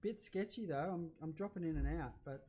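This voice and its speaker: A middle-aged Australian man hosting a casual cooking livestream, chatting in a rambling way and getting loud when he is excited. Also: on the high side, fairly quick, faint music behind.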